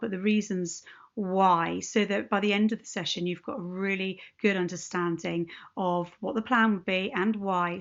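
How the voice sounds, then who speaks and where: A woman's voice: mid-range voice, vocal fry, a bit bright. A woman who works as an ADHD hypnotherapist and coach, chatting informally and straight to her viewers in an unscripted video message. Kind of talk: unscripted direct-to-camera message. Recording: dull lo-fi recording.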